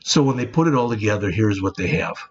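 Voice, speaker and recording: Fast and animated, a man with a slightly rough, low voice walks through code in a screen-recorded tutorial. He keeps his explanations plain and says "all right" often, and the recording is dull and lo-fi with faint background noise.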